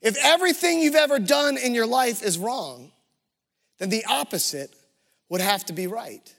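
A pastor with a high, bright voice preaches a sermon to his congregation. He tells stories with energy. The sound carries a long echo from a large sanctuary. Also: moderate pace, vocal fry. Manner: lively storytelling preacher.

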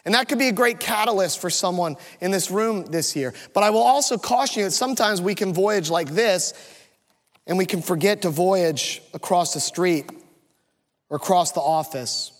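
Male pastor, high voice, heartfelt storytelling sermon in a reverberant church hall. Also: normal speed. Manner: emotional, earnest storytelling. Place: church sanctuary.

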